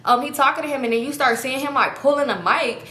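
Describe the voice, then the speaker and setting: A woman's voice: high voice, fast talker. A young woman telling a story from her own life in a casual, slangy way, acting out what people said. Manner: animated, slangy, acts out quoted people. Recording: echoey room.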